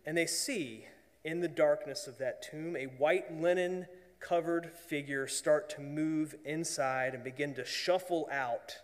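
A man preaching a sermon as pastor, earnest, often dropping to a hushed voice for emphasis. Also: fairly high pitch, a little slow, long reverb tail.

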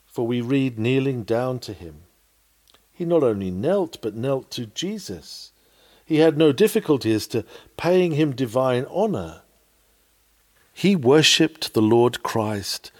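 Fervent man reading an old sermon. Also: darkish tone. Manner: fervent and pleading, with wide swings in pitch and volume.

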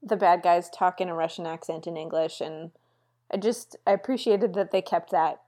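A woman on a podcast, chatting casually in a calm, measured way. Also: fairly low pitch. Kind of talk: casual chat.

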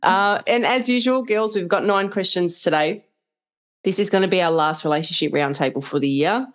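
Woman, podcast host, casual chat, upbeat, low voice. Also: moderate pace.

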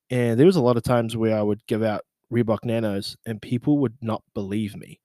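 A man recapping an event in casual storytelling, animated and slangy, often laughing and acting out what people said. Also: no room sound. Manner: animated, laughing, acts out quotes with big pitch jumps. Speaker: social media marketing manager.

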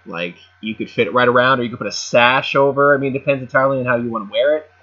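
Speaking at a medium pitch and a rapid-fire clip, this man acts as game master for a tabletop game over voice chat. His scene descriptions are chatty, packed with fillers and side remarks, picked up by a home mic in muffled voice chat audio.

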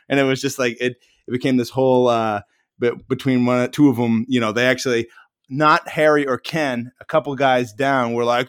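A man's voice: medium pitch, a little fast. A man telling stories on a podcast, acting out the voices of the people in them. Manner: animated storyteller, acts out quotes. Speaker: podcast co-host. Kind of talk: casual chat.

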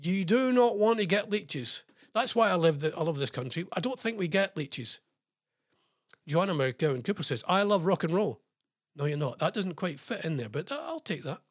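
A British man hosts a radio show in a husky, fairly high voice that swings up and down a lot. He rambles through listener messages and quirky news with plenty of fillers and jokey asides, recorded dry and close on the mic. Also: sing-song, normal speed, dry recording. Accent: British English. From England.

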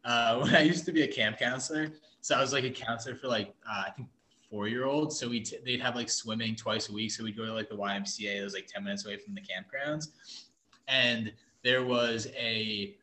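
A man's voice: mid-range voice, a little fast, bright, forceful tone. A young man co-hosting a podcast, telling rambling stories in a casual chat and often laughing as he goes. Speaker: podcast co-host. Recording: echoey room.

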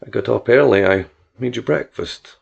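A jealous, controlling man snaps out demands in a gravelly voice, read by a male narrator. His tone is pushy and reproachful. The recording sounds dull and lo-fi. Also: on the low side, moderate pace, heavily acted. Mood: demanding. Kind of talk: audiobook character reading.

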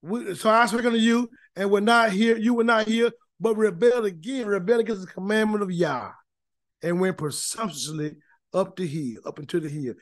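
Male Bible teacher, high voice, dry close sound, folksy and emphatic, repeats himself. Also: moderate pace, dry recording. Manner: folksy, emphatic preaching with many repeated words. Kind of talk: informal Bible study teaching.

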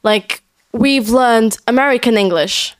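A young woman from Portugal with a Portuguese accent, a student guest telling stories in a lively, animated way. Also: on the high side, a little slow, dry recording, clean studio sound. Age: young adult. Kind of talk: casual podcast chat.

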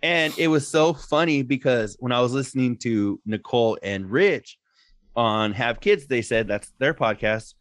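A man's voice: medium pitch, lively intonation, unhurried, fairly bright tone, no room sound. A man co-hosting a podcast in casual chat, rambling and swearing freely, laughing often. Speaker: podcast co-host.

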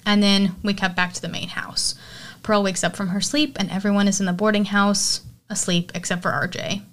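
A woman in a casual podcast recap, gushing about her favorite scenes. Her voice sits at an ordinary middle pitch. She rambles, swears and fills gaps with "like" and "you know". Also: level tone, moderate pace. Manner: enthusiastic, chatty, swears, many fillers. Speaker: horror podcast host.

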